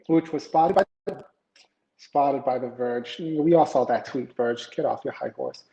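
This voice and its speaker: On the high side but dark in tone, this man's voice carries a rambling live tech show in which he reads news, greets chat and uses many fillers. He broadcasts from home with an iPad camera and a PC. Expect echo, plus a dull, lo-fi quality.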